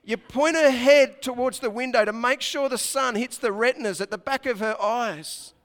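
Male preacher, high gravelly voice, storytelling sermon, long hall reverb. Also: normal speed. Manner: storytelling with hushed dips and dramatic lifts. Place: church hall with congregation.

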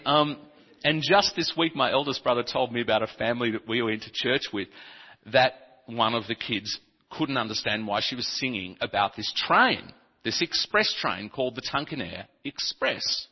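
A man's voice: mid-range voice, slightly rough. Man preaching in an echoing hall. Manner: humorous, animated storytelling with stumbles. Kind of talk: sermon. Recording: dull, reverberant hall recording.

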